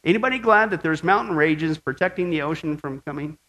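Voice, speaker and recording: A man preaching a Bible study sermon, animated and asking his audience questions. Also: a little high, fairly quick, low-quality recording.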